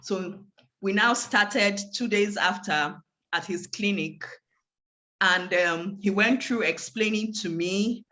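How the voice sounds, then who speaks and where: Woman guest speaker on a video call, mid-pitched, vivid storyteller who acts out dialogue. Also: slow pace, pushed and bright. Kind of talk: personal storytelling on a conference call.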